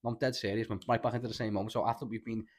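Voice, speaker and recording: A young podcast host with a thick Scouse accent tells a rambling, animated story in casual chat. His voice is low and he talks very fast, loading it with slang and swearing.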